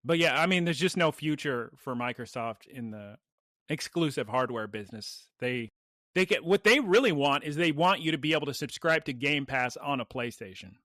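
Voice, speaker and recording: A man hosting a podcast in casual chat, excitable and gushing. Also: medium pitch, moderate pace, dry recording, clean studio sound. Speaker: podcast host.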